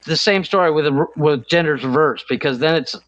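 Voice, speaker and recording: A man's voice: on the high side, fairly quick, a bit bright. Rambling podcast co-host man, dull lo-fi sound. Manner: rambling, searching for words. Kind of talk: casual chat.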